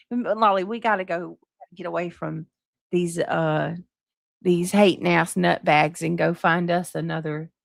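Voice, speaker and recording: A woman's voice: on the low side, creaky, no echo. A woman with a Southern accent hosting a live stream, chatting casually with viewers and swearing freely. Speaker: livestream host. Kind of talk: casual live chat reading comments.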